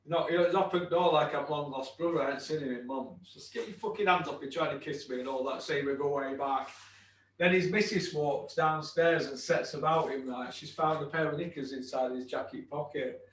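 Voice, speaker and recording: A man's voice: fairly high pitch, a little fast, echoey room, recorded from a distance. A man hosting a casual podcast, talking bluntly, swearing freely and ribbing his co-host with mock aggression.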